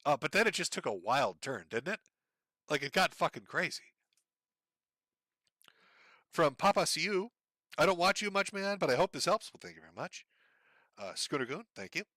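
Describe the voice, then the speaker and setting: Man, livestream host, sardonic and crude, deadpan, bright tense voice, dry close sound. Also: a little high, moderate pace, pauses often, no echo. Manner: sardonic, profane, deadpan delivery with sighs and laughs. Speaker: streamer reading donations. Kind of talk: casual livestream chat.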